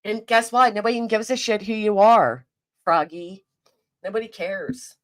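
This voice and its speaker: A woman's voice: medium pitch, normal speed. A woman with a South Jersey accent near Philadelphia, giving blunt, profane live-stream commentary and answering her chat. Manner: reads and answers chat aloud.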